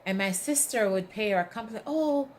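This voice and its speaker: Woman motivational speaker, mid-pitched, emphatic and animated, checks in with the audience often. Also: fast talker, a little hiss or hum. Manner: emphatic, asks the audience "right?"; animated storytelling with acted quotes. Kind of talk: inspirational talk.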